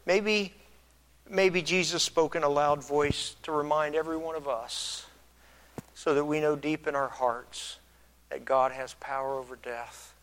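With a measured pace, a sincere male pastor gives a sermon in a slightly raised pitch, pondering aloud and often starting his words over. His voice gets louder for emphasis, and the recording quality is low.

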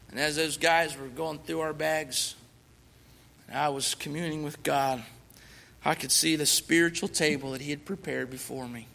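A man's voice: a little high, gravelly, bright, forceful tone, big-room sound. A man, a missionary, earnestly telling his personal testimony, swelling with fervor when he recites scripture.

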